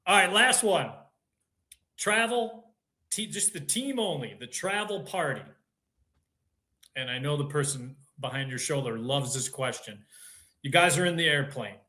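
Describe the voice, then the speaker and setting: Bright-voiced playful older man host. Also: a little high, expressive, measured pace, pauses often. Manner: playful, teasing, jokey questions. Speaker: podcast host. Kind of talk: casual interview chat.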